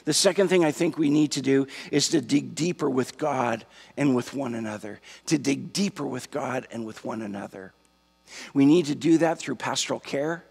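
A pastor preaching a sermon to his church, slow and emphatic, repeating key phrases. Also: medium pitch, creaky, slightly rough. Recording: long hall reverb.

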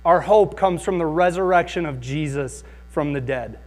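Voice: mid-range voice, moderate pace, a little mellow. A Bible teacher delivering an emphatic sermon, calling on the audience to answer aloud.

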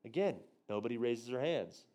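A man teaching a church group on prophecy, telling a story from the pulpit and acting out his own quotes, dropping quiet for tender moments and jumping loud for punchlines. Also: normal speed. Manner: animated storyteller, acts out his own quotes with big jumps in pitch and volume. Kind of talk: storytelling sermon.

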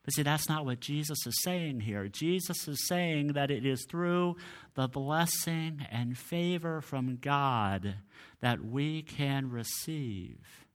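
A man preaching a sermon as pastor, deliberate, his voice trailing off softly at the ends of phrases. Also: fairly high pitch.

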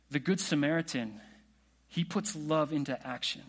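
Guy preaching casually, kinda high voice, lots of questions to the crowd. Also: moderate pace. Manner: conversational preaching with rhetorical questions. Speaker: pastor. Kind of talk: sermon.

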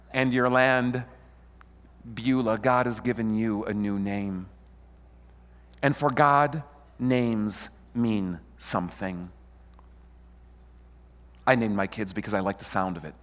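A middle-aged man preaching a sermon as pastor, animated and playful, often questioning and joking with his congregation. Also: a little high, big-room sound. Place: church sanctuary.

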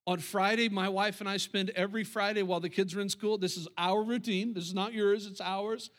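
A man's voice: high-pitched, steady tone, brisk, a bit bright. A middle-aged male pastor preaching a sermon, emphatic and repetitive, talking straight to the congregation.

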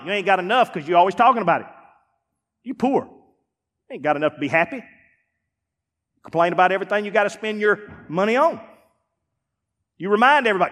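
A man pastor preaching a sermon in a folksy, emphatic way, dropping now and then to quiet asides. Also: high voice, expressive, normal speed, pauses often, big-room sound. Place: church sanctuary.

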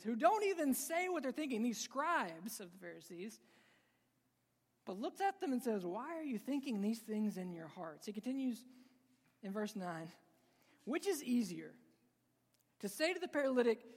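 Joking, emphatic male pastor in a reverberant hall. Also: very high voice. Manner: conversational and joking, with emphatic outbursts. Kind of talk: preaching a sermon to a live congregation. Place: church sanctuary with congregation. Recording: long reverb of a large hall.

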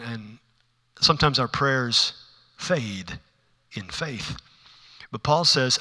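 Bright-voiced preacher in an echoing hall. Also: male voice, on the high side, unhurried, long pauses. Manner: swings between hushed, intimate asides and rising, emphatic preaching. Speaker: pastor. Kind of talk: sermon. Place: church sanctuary with a congregation. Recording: long reverb of a large hall.

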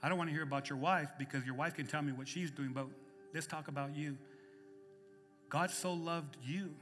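A male pastor with a high, bright, forceful voice delivers a passionate sermon. He climbs to loud emphatic peaks, then drops to quiet, intimate passages. His voice rings out with the long reverb of a church hall. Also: moderate pace, faint music behind. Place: church sanctuary.

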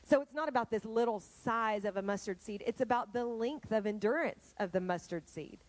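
Woman preacher, animated storyteller, mid pitch, dry close sound. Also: normal speed, no echo, low-quality recording. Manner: animated storytelling, addressing the congregation directly. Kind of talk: sermon.

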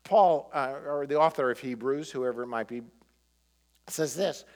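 A male pastor preaching a sermon, animated, throwing rhetorical questions at the congregation. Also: medium pitch, moderate pace, in a large hall.

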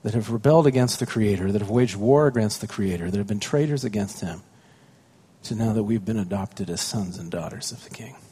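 A man's voice: fairly low pitch, a little fast, mellow, slightly rough. A man, a pastor, preaching a conversational sermon with stories about his young children, often asking the congregation questions.

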